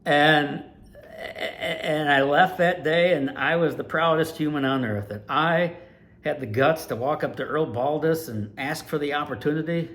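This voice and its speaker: Animated older man telling racing stories. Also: a little high, a little slow. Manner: animated, lively storyteller with big swings in loudness. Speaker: retired dirt track race announcer, channel host. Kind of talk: storytelling.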